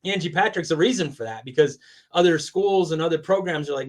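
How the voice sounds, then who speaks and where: A man's voice: on the high side, brisk. A man guesting on a sports podcast, talking in an enthusiastic, conversational way and laughing often. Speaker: guest, college athletics communications director. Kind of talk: casual interview chat.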